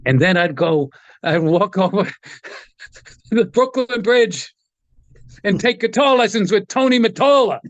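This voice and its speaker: A middle-aged man with a fairly high speaking voice tells rambling stories as an interview guest. He acts out the voices of the people he quotes, laughing often. The sound is dry and close. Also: animated, a little slow, pauses often, no room sound. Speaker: guest, guitar tech. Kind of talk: casual storytelling interview.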